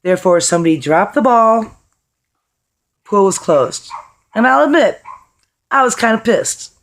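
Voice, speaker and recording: A woman with a hoarse, worn voice tells a story to her camera in a loose, chatty way. She is blunt and swears casually as she talks. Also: mid-range voice, expressive, unhurried. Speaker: vlogger.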